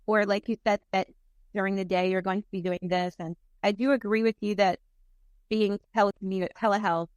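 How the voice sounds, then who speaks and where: Guest, female therapist, enthusiastic and earnest, mid-pitched, dry sound. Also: fairly even intonation, fairly quick, darkish tone, clear, resonant tone, no room sound. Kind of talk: casual chat.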